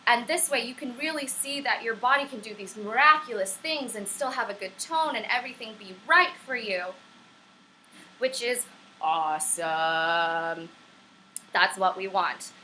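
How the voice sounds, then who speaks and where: Bright-voiced, chatty young woman teaching singing. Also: a little high, a little slow, a little hiss or hum, low-quality recording. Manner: chatty, wanders into tangents; upbeat and encouraging. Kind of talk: casual online voice lesson. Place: at home on camera.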